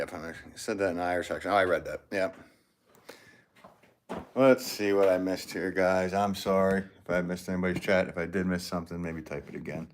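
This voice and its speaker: A man in his thirties, a potter chatting casually on a live stream while he works, thinking aloud and reading viewers' comments. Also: low voice. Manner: easygoing, thinks aloud, reads chat comments. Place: pottery studio. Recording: loud background noise with clicks.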